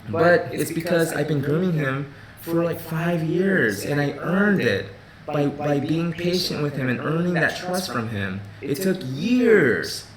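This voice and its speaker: A man's voice: a little high, animated, unhurried, a loud crowd. Chatty man on a livestream, echoey room. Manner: conversational, repeats words and restarts, many "you know" and "right?". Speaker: groomer hosting a live Q&A stream. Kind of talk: casual livestream talk. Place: his office space.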